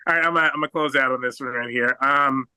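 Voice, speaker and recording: A young American man doing a stand-up set over a video call, halting and rambling with many fillers and restarts. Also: medium pitch, fairly even intonation, sharp tone, clean tone, dry recording, low-quality recording. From United States. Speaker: stand-up comedian.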